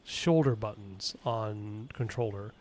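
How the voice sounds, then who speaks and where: A man streaming a video game, chatting casually, rambling and thinking out loud as he answers his chat. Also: on the low side, slow pace, slight background noise. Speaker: gaming streamer. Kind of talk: casual gaming commentary.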